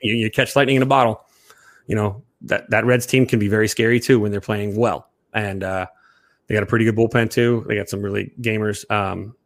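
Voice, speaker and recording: A young man co-hosting a casual sports chat, rambling and jokey, quick to laugh. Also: lowish voice, steady tone, dry recording. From Chicago area. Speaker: sports podcast co-host.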